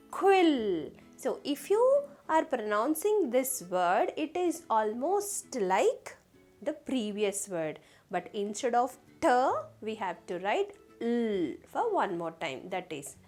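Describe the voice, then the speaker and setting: A woman leads a phonics lesson for children, sounding out letters one by one and checking in with the class. Her voice sits high and swings widely in pitch. She speaks slowly, with soft music faintly behind her. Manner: slow, sounding out letters and asking the class questions. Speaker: teacher.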